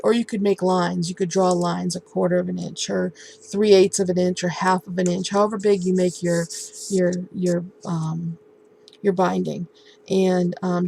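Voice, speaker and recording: A woman casually showing and explaining a handmade album in a relaxed, halting way, with many ums and restarts. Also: fairly low pitch, vocal fry, slight background noise, rough recording. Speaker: crafting vlogger. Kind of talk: casual show-and-tell craft tutorial.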